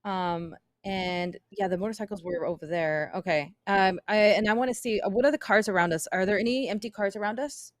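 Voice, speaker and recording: A woman's voice: medium pitch, no room sound. Woman player planning her move, dry mic, no room. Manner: quick, questioning, decisive planning. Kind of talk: tabletop role-play, in character.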